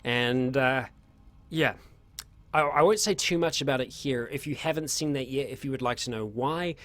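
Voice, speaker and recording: A man's voice: medium pitch, moderate pace, a bit bright. Chatty young man answering viewer questions. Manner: chatty, rambling, frequent fillers and restarts. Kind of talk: casual livestream Q&A.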